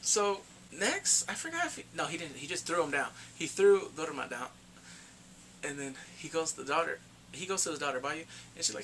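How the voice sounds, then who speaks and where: Excitable man recapping a movie. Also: a little high, brisk, slight background noise. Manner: excitable storytelling, acts out the characters' lines. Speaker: movie reviewer. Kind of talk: casual spoken movie review.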